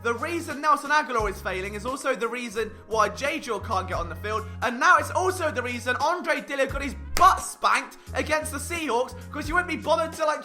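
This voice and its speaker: A sports vlog host with a very high, sharp, ringing voice breaks down the action on an on-camera mic, his lively pitch leaping around as he rants. Sarcastic and exasperated, he restarts quickly when he gets worked up, while faint music plays low in the background.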